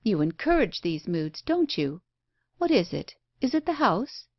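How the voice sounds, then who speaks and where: A woman voicing a brusque, blunt, impatient unmarried woman who talks in a sharp, scolding way. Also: medium pitch, very animated, a little slow, no echo, muffled recording.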